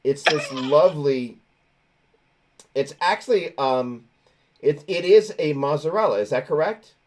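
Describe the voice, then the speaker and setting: A man's voice: fairly high pitch, expressive, normal speed, darkish tone. A man hosting a casual chat, telling stories with many restarts. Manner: rambling, self-correcting storyteller. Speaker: host.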